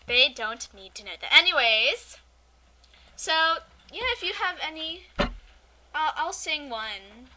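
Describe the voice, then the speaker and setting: A woman's voice: high-pitched, animated, takes it slowly, background noise. A young woman co-hosting a podcast, chatting casually in a giggly, rambling, playful way. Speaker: podcast co-host. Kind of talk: casual chat.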